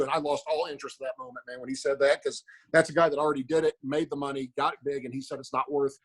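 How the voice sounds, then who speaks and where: A man's voice: medium pitch, steady tone, quick pace, breathy edge, low-quality recording. A man, a former fighter, telling a story in plain words in casual podcast chat.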